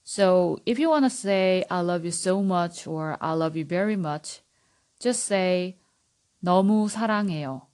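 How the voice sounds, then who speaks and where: A woman with a Korean accent hosting a podcast, patiently teaching Korean words and repeating them slowly for learners. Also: on the low side, a little mellow. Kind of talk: slow language lesson.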